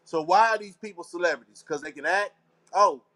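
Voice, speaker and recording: High-voiced man ranting. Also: fairly quick, sharp tone. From Texas. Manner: rambling, conspiratorial, preachy, talks to the audience; slangy, repeats phrases. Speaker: show host. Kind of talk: casual live talk show monologue.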